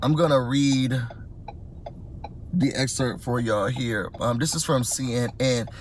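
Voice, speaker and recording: A man's voice: mid-range voice, unhurried, a little hiss or hum. A man from Rochester, New York, talking to his viewers from his car, impassioned and emphatic, repeating points for weight. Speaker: vlogger. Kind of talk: casual vlog rant to viewers. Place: in a car, driving.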